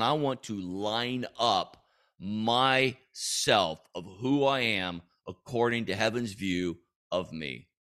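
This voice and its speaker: A man's voice: lowish voice, a bit bright. A man hosting a faith-based personal coaching podcast, talking emphatically and often checking in with "all right?". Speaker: podcast host.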